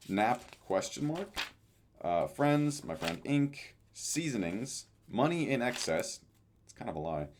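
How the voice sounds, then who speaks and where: A man's voice: low-pitched, a little mellow, a little hiss or hum. A young man casually reading out his own journal and planner entries, with offhand dry asides and frequent fillers. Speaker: vlogger.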